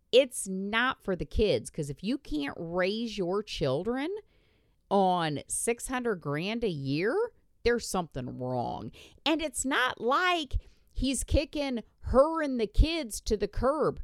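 A woman's voice: mid-range voice, lively intonation, takes it slowly, dry recording. Woman podcaster ranting, lots of cussing, voice jumps all over, dry close sound. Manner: blunt, profane ranting. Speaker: podcast host. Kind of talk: casual chat.

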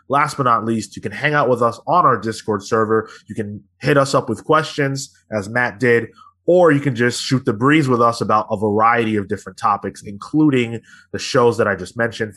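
Casual low-voiced male podcast host. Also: a bit bright. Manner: rambling, filler-heavy, conversational. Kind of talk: casual podcast chat and outro plugs.

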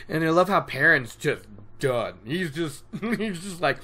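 Podcast host with a casual, animated recap style, slow pace, bright tone, laughs a lot. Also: mid-range voice. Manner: laughs often, animated and self-mocking.

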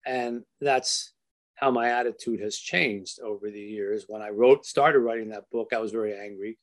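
An older man, an author, telling a personal story in an earnest, halting way, with many restarts and soft trailing phrases. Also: on the low side.

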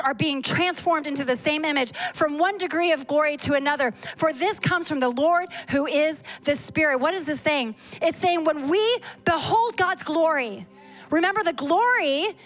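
High-voiced woman preaching over music. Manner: fast, animated preaching with Scripture reading and quick asides. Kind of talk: sermon. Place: church service. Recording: sermon with clear music behind.

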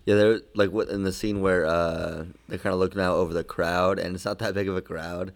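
A man co-hosting a casual film podcast, jokey and animated. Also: low-pitched, a little fast. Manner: animated, jokey, quotes lines. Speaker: podcast co-host.

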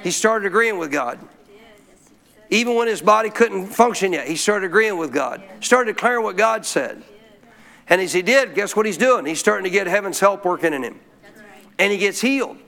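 High-voiced preacher telling a story. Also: male voice, normal speed, gravelly. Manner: animated storytelling, asks the crowd questions. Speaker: pastor. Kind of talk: sermon.

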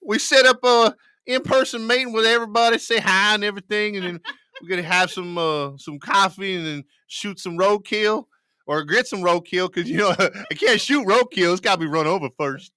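A dim-witted rural police chief, put on by a man who pushes his voice way up and bellows in a thick drawl. The sound is bright and sharp, with no room around it. He blusters like he runs the whole county. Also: sits high, normal speed, dry recording, voice pushed up. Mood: boastful.

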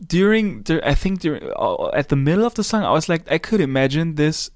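A man's voice: fairly high pitch, sing-song, a little fast, dry recording, studio quality. A man chatting enthusiastically and loosely about a song on a music podcast. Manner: enthusiastic, laid-back, filler-heavy. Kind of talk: casual music review chat.

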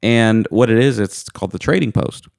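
A man's voice: lowish voice, normal speed, vocal fry, darkish tone, no echo, studio quality. A man co-hosting a podcast, chatting casually and telling goofy, self-mocking stories. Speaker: podcast co-host. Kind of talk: casual chat.

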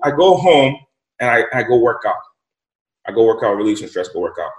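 A young man as an interview guest, telling a story in a lively, slangy way with lots of repeated words. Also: on the low side, fairly quick. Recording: roomy echo.

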